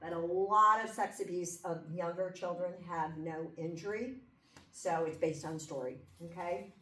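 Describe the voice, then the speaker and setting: A woman at mid pitch gives a lecture, chatting her way through the material and checking in with her listeners along the way. The mic sits well away from her, so her voice comes across distant in an echoey room. A faint hum runs underneath. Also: fairly even intonation, measured pace, pushed and bright. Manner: conversational, checks in with listeners by asking 'okay?' and 'right?'. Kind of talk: classroom lecture.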